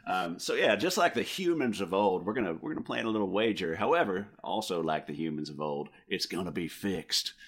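A man's voice: low voice, animated, a little fast, hardly any pauses, a bit bright. A man playing a tabletop role-playing game, talking in a playful, conspiratorial way and laughing often. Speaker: player.

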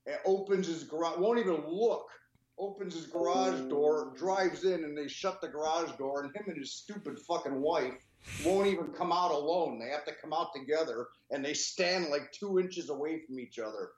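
Brief: male co-host, heated and foul-mouthed, slightly high voice, echoey dull lo-fi recording. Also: moderate pace. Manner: profane, heated and animated. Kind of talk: casual podcast storytelling. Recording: roomy, dull lo-fi sound.

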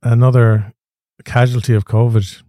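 Man, podcast host; low, mellow, calm and dry. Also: normal speed, no echo. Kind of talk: interview.

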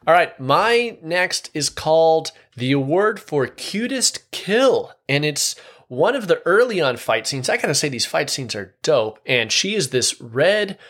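A man's voice: a little high, very animated, unhurried, hardly any pauses, fairly bright tone. A man co-hosting a casual chat, laid-back and slangy, chuckling as he describes comic scenes. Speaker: podcast co-host.

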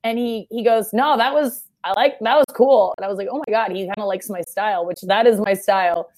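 A young woman in casual chat, telling a story fast and animatedly and shouting out the quoted lines. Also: medium pitch.

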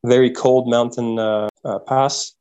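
Man, animated storyteller, mid-pitched, podcast guest. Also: a little slow, clear, resonant tone, dull audio. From Quebec, Canada. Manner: animated, repeats words while thinking. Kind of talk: casual interview storytelling.

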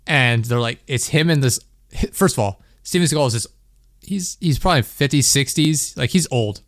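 With lively intonation at a moderate pace, a young man hosting a podcast chats casually, rambling through a story with laughter and lots of "like." His medium-pitched voice is studio quality, with no echo.

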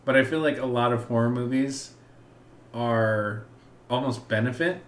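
A man's voice: medium pitch, normal speed. Wry man in an echoey room. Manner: relaxed, wry, laughs often. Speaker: podcast co-host. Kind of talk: casual movie review chat.

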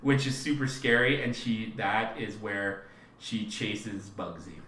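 A man co-hosting a podcast, recapping a horror film in casual chat, animated and quick to laugh. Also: fairly low pitch, distant mic, slight background noise. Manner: animated, laughs often, acts out quotes. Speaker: podcast co-host. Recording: roomy echo, slightly off-mic.

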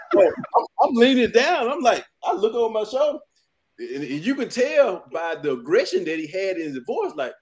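A man's voice: high-pitched, moderate pace, slightly rough. A man, a barber, telling a shop story in a casual group chat, laughing and acting out the voices of the people in it. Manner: animated, laughing, acts out voices.

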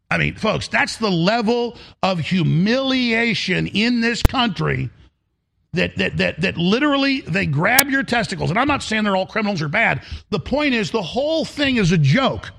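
Gravelly, high-pitched ranting male host. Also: sing-song, a little fast, pushed and bright. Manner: emphatic, rambling, repeats phrases. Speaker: talk show host. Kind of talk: ranting monologue.

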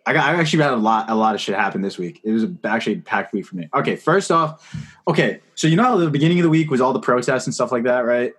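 A man's voice: mid-range voice, animated, quick pace, fairly bright tone, slightly rough. A young man co-hosting a podcast, telling rambling stories in casual chat full of "like" and "right?". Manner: rambling storyteller, lots of "like" and "right?". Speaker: podcast co-host.

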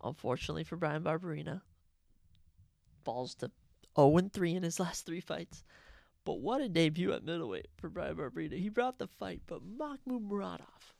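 Male podcast host, casual and opinionated, keeps correcting himself, slight fry in the voice. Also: on the high side, expressive, moderate pace, a little mellow, dry recording, clean studio sound. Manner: rambling, opinionated, self-correcting. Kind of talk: casual solo sports recap.

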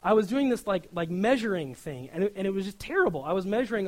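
A man giving a sermon in a relaxed, conversational way. He often checks in with "right?" and acts out the prayers he quotes. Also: high voice, quick pace, few pauses, low-quality recording. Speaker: preacher.

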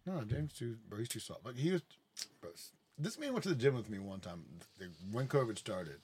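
A man's voice: mid-range voice, big pitch swings, brisk, darkish tone, a little hiss or hum. A man hosting a casual podcast, telling rambling, profane family stories with lots of "like". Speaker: podcast host. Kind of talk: casual storytelling chat.

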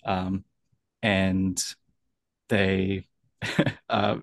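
Deep-ish guy, author guest, rambly and laughy, dry close mic. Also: little pitch movement, drawn-out words, dry recording. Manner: loose and rambling, laughs often. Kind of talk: casual interview answers.

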